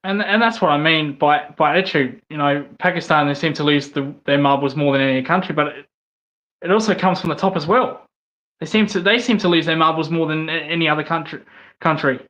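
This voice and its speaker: A man's voice: fairly high pitch, brisk, a bit bright, dull audio. A man with an Australian accent, a cricket fan talking as a podcast guest, blunt and heated, repeating himself when riled. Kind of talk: casual podcast chat.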